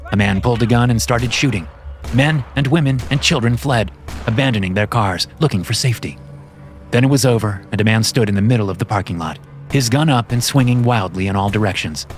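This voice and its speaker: A man narrating a horror story in a measured, steady scripted reading. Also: on the low side.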